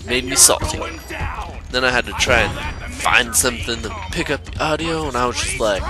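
Goofy man narrating a game, music underneath. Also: normal speed. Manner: goofy, rambling, bursts into high squeaky impressions. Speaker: gameplay commentator. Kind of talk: casual let's play commentary. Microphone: home microphone, recorded after the gameplay.

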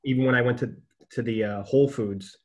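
A podcast host keeps things casual, chatting and telling stories with frequent laughter. His voice is mid-range and steady, and he talks fast.

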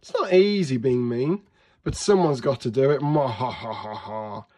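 A man's voice: on the high side, animated, moderate pace, darkish tone. Man voicing a sneering little pea villain, cackling, hissing, storybook baddie.

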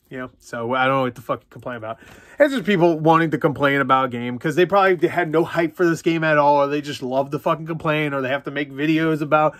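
A man's voice: on the high side, fast talker, fairly bright tone, dry recording. Profane ranting man, dry close sound. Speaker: gaming vlogger. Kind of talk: casual unboxing rant.

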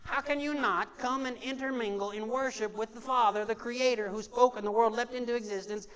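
Before a church congregation, a pastor with an extremely high, somewhat bright voice preaches a little fast with fairly even intonation. His talk is conversational and repetitive, with call-and-response questions to the room and key phrases said again and again.

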